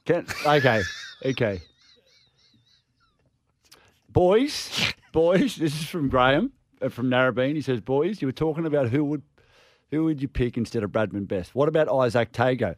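An Australian man co-hosts sports radio with lively, swinging intonation. He laughs and exclaims often. The close studio mic is dry. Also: mid-range voice, moderate pace, pauses often, no echo. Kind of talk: casual sports radio chat.

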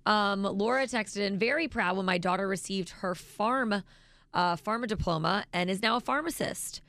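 A woman's voice: mid-range voice, normal speed, fairly bright tone, dry recording. A woman in her thirties co-hosting a radio morning show, chatty and emotional, reading listener texts aloud. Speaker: radio co-host. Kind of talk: casual morning show chat. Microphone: studio microphone.

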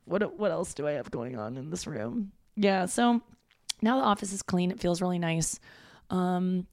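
A woman's voice: fairly low pitch, lively intonation, moderate pace, dry recording, studio quality. A woman in her thirties, a stand-up comic from St. Louis, chatting loosely and self-deprecatingly through a solo podcast, swearing freely. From St. Louis, United States. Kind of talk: casual solo podcast monologue. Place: her parents' home.

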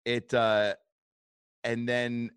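A man telling a long story in relaxed chat, with mid-range pitch and lively swings into loud acted-out quotes. He swears freely and piles up fillers as he goes. The sound is close and dry, with no room around it. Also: drawn-out words, clean tone, no room sound. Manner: animated, swearing, acts out quotes in bursts.

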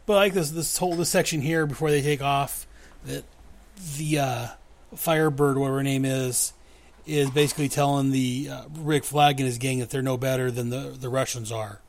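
A man's voice: mid-range voice, fairly even intonation, normal speed. A man hosting a podcast, recapping a comic book in a casual way, reading the dialogue aloud in voices and chuckling often.

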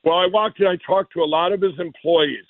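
Man from Minnesota, raised pitch, rambling storyteller, tinny dry phone line. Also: brisk, no echo. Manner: rambling, repeats and restarts words. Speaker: guest, company founder. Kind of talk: casual storytelling.

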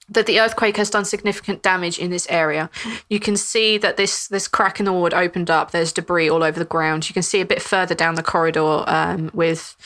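A woman's voice: mid-range voice, a bit bright. A woman narrating as game master of a tabletop game, rambling with many fillers and restarts.

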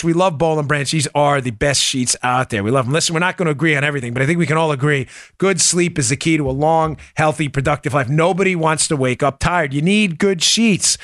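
A man's voice: on the high side, fairly bright tone, dry recording, clean studio sound. A man with a New York accent hosting a political podcast, talking in an emphatic, punchy way and reading ads himself. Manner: emphatic, punchy, repeats key points. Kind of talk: opinionated political talk and host-read ad.

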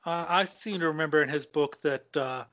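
A man's voice: on the high side, moderate pace, fairly bright tone. A man co-hosting a casual talk podcast, joking and loose, often tossing in "dude" and "brother". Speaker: podcast co-host. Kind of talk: casual chat.

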